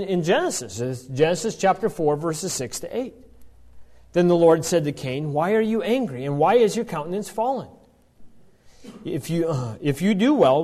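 A man teaching scripture, reading verses aloud and then unpacking them. His voice sits a bit high and moves a lot, rising and falling as he explains. He often restarts his sentences as he works through the text. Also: a little mellow. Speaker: Bible teacher. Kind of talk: Bible teaching.

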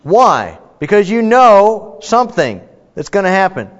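A man teaches a Bible study in a slightly high voice, talking to the group in a conversational, emphatic way and often restarting his sentences. His voice rings with a long reverb in a hall, and the recording sounds a bit dull. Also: sing-song, unhurried.

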